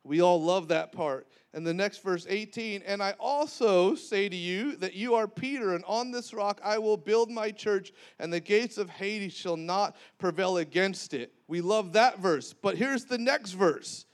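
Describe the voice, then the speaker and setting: A man with a strikingly high voice preaches a sermon. He is animated, plays out the scripture dialogue with lively changes of voice, and calls on the congregation to echo words back. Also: unhurried, few pauses.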